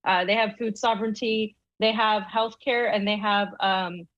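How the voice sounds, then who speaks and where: A woman's voice: mid-range voice, fairly even intonation, normal speed, a bit bright, no echo. A woman co-hosting a casual political commentary show, talking loosely with many fillers and restarts. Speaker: co-host. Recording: dry, dull lo-fi mic.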